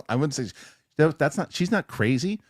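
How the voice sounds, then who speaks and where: A man co-hosting a casual chat show, reading viewer comments and telling rambling, animated stories. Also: on the high side, no room sound, clean studio sound.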